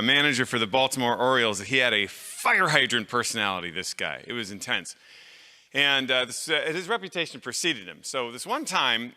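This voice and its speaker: A man's voice: mid-range voice, bright, forceful tone, in a large hall. A middle-aged man giving a live talk to an audience of clergy, conversational and anecdotal, with fillers and restarts. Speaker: conference speaker.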